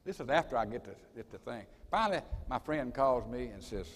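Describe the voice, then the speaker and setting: A man's voice: mid-range voice, sing-song, a little fast, hardly any pauses. An older man telling a folksy, emphatic story as a speaker at a college assembly. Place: school assembly hall. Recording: long reverb of a large hall.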